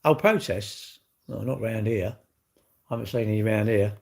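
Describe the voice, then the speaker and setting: A man's voice: on the low side, moderate pace, creaky, darkish tone. A man in his sixties, chatting casually on a live stream with viewers, cheeky and bantering with the odd swear word. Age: 60s. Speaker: livestream host.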